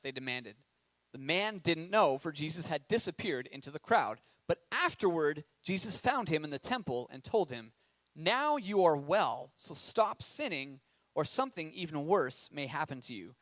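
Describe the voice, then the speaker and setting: Animated high-voiced male preacher. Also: normal speed, no echo. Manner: animated, conversational preaching with asides and rhetorical questions. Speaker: pastor. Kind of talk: sermon reading and commenting on scripture.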